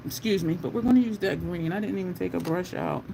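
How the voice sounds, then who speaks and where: A makeup vlogger with a gravelly, low-leaning voice chats casually while doing her makeup on a livestream, and the audio is very noisy. She rambles through stories and talks to viewers, Southern-style, with plenty of "y'all."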